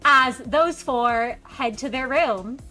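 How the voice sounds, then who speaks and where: A woman running a tabletop role-playing game as game master, narrating lively and jumping into characters' lines. Her voice is high and bright, with faint music underneath. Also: slow.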